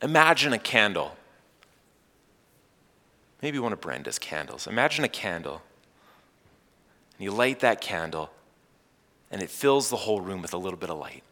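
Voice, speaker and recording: A man preaching a Sunday sermon as pastor, animated, with playful asides to his congregation. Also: low-pitched, moderate pace, pauses often, long reverb tail.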